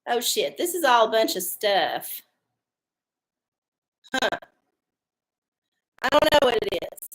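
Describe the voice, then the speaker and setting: A woman's voice: on the high side, very animated, takes it slowly, pauses often, fairly bright tone. A woman hosting her own livestream, chatting casually and swearing freely. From Texas. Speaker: livestream host. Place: home studio under hot lights.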